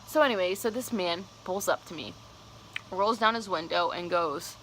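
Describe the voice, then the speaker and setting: A woman's voice: lowish voice, normal speed, a bit bright, a little hiss or hum, poor audio. A young woman telling a personal story on her vlog, casual, candid and cursing freely. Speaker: vlogger.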